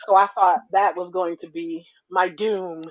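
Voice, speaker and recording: A woman in her forties co-hosting a podcast, a blunt, profane and animated storyteller in casual chat. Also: lowish voice, measured pace, dull audio. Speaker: podcast co-host.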